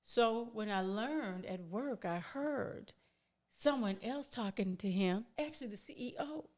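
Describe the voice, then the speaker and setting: A woman's voice: on the high side, lively intonation, unhurried, a little mellow. A woman entrepreneur, a guest on a podcast, telling her story animatedly and acting out quoted dialogue.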